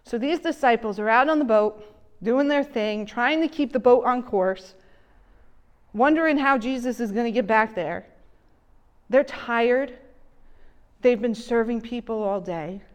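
A woman delivering a sermon in a slow, gentle way, her voice dropping soft and low when she quotes someone. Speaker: preacher.

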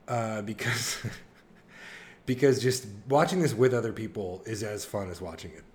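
A man co-hosting a casual podcast, eagerly retelling a comedy film with laughs and quick impressions. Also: on the low side. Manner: excited storytelling with laughs and impressions. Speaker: podcast co-host. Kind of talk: casual chat.

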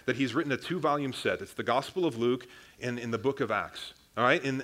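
A man's voice: medium pitch, a bit bright. A young man, a pastor, preaching a sermon in a casual, conversational way, often calling the congregation "guys" and restarting his sentences.

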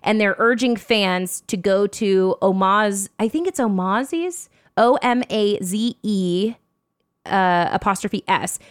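A woman's voice: mid-range voice, clear, resonant tone, no echo, clean studio sound. A young woman co-hosting a casual podcast, chatty and laughing often as she reads out news items. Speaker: podcast co-host. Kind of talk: casual chat.

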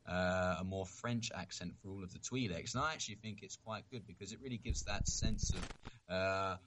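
A man's voice: low voice, moderate pace, fairly bright tone, slight background noise. A man co-hosting a podcast in casual chat, earnest and thinking aloud as he talks. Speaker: podcast co-host.

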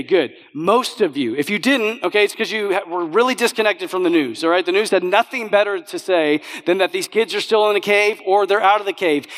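A man's voice: a little high, fairly bright tone. A pastor preaching a sermon in a conversational way, often checking in with his audience. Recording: long hall reverb.

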